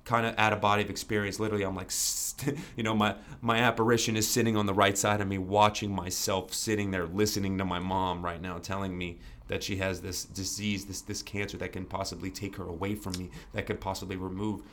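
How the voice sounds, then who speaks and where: Brief young man, low-pitched, earnest podcast guest, candid storytelling. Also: level tone, a little fast, hardly any pauses, fairly bright tone. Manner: earnest, restarts often, fillers like "you know".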